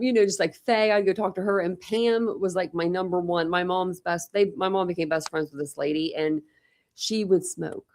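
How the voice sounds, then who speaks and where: A talkative young woman hosting a casual panel chat, telling stories with lots of quoted voices. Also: on the low side. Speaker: channel host.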